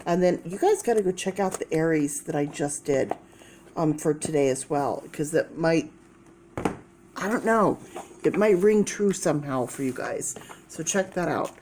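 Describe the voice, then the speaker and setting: A woman's voice: deep voice, expressive, moderate pace, a little mellow, slight background noise. A woman doing a casual tarot reading to camera, thinking aloud and repeating key words as she explains the cards. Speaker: tarot reader.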